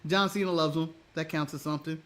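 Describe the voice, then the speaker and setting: A man's voice: a little high, steady tone, fast, a bit bright. An American man co-hosting a casual wrestling review chat, blunt and often laughing as he talks. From United States. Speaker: co-host.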